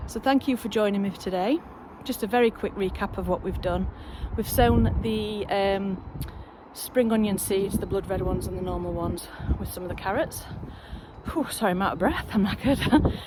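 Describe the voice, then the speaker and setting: A woman's voice: mid-range voice, normal speed. A woman chatting casually in a gardening vlog from her allotment, rambling and cheering herself on. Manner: chatty, rambling, self-encouraging. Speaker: allotment vlogger. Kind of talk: casual outdoor vlog chat. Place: windy allotment outdoors. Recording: outdoor wind and traffic noise.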